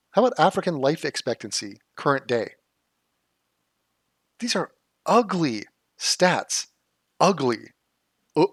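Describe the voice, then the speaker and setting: A man's voice: fairly high pitch, no echo. Sarcastic male commentator, dry close sound. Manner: sarcastic, mocking, exasperated rants. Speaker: political commentary host. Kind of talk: reaction commentary on a debate clip.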